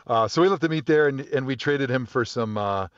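A man's voice: mid-range voice, fairly quick, a bit bright, smooth, no echo. A man telling a long story in an easygoing, rambling way, with plenty of fillers and restarts. His voice sounds a little dull and muffled, and it is dry, with no room sound around it. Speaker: guest, former football player. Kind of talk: casual storytelling.

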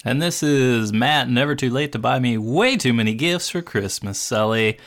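A man's voice: mid-range voice, moderate pace, a bit bright. Jokey male podcast host. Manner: jokey, teasing. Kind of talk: casual podcast chat.

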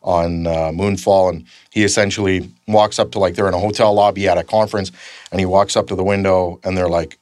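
A Canadian man with a fairly low voice spins loose, rambling stories and swears often. His voice is recorded dry and close, with no room around it. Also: fairly even intonation, a little fast, darkish tone, no echo. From northern Canada. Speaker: guest, stuntman. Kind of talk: casual anecdote telling.

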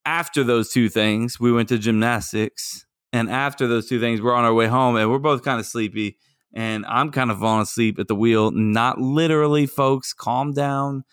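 A man's voice: medium pitch, fairly bright tone, clean tone, no room sound, clean studio sound. A man in his thirties, a podcast co-host telling playful, jokey dad stories in casual chat.

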